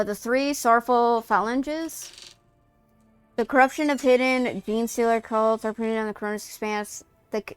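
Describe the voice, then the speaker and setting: A woman streamer on a headset, reading game text aloud and reacting in an excitable, profane, giggly way. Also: medium pitch, smooth, no echo. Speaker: streamer playing a video game.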